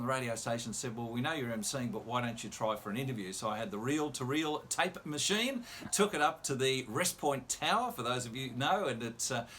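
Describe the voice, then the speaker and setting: A man, a radio presenter, telling an animated anecdote full of quoted dialogue on a video call. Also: medium pitch, slight background noise.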